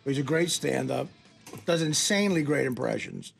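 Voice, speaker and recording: A man's voice: mid-range voice, lively intonation, gravelly, soft background music. A man hosting a talk show in a studio, joking with his guest in casual chat. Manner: joking interviewer with quick asides. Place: radio studio.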